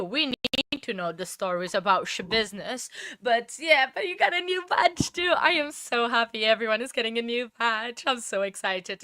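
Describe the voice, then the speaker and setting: Bright, slow-talking woman streamer. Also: a little high, no room sound, clean studio sound. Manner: effusive, often laughing, easily distracted. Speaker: true crime livestream host. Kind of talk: casual livestream chat with viewers.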